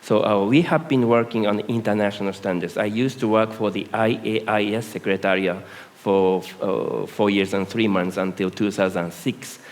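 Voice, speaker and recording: A man speaking on a conference panel, halting and full of hesitations. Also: lowish voice, steady tone. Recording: reverberant conference hall.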